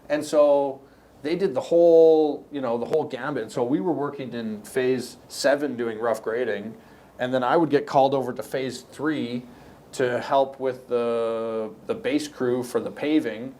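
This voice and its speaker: A man's voice: mid-range voice, normal speed, mellow. Canadian man telling rambling stories. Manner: rambling, anecdotal, frequent restarts. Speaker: podcast guest, construction company owner. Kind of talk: casual storytelling.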